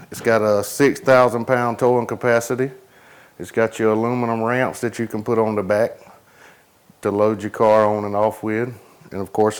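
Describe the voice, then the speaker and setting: A man walking viewers around and inside a cargo trailer, listing its features in an easygoing, matter-of-fact way. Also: mid-range voice. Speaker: trailer salesman giving a product walkthrough. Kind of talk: casual product tour.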